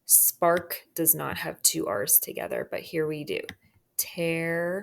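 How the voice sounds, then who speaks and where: A woman's voice: sits low, flat delivery, unhurried, creaky. A woman teacher walking students through a phonics worksheet, often checking in with "okay?" as she marks words. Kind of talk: phonics lesson walkthrough.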